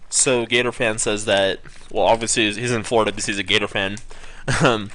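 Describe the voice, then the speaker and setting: A man's voice: on the low side, fairly even intonation, fairly quick, a bit bright, a little hiss or hum. A young man giving casual live-stream commentary on poker, rambling with many ums and correcting himself as he goes. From California.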